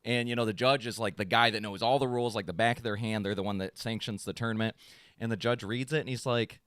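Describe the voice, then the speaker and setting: A man co-hosting a casual podcast, telling a long story in an animated way and acting out quotes in a raised voice. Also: fairly low pitch, fast, clear, resonant tone, no room sound. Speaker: podcast co-host. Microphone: studio podcast mic.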